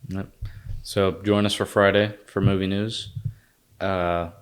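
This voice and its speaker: A man's voice: sits low, flat delivery, takes it slowly. A man co-hosting a casual film discussion, concise and analytical, with dry humor. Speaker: podcast co-host.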